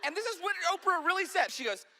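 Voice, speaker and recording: A male stand-up comedian telling jokes in an animated way, often acting out voices. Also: very high-pitched, fast talker.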